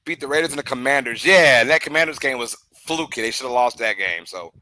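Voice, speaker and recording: A bright-voiced, excitable man hosts a live game watch-along stream, giving casual play-by-play at a brisk pace over a rough recording. He bursts into loud outbursts and laughter and drifts into chatty side talk between pitches.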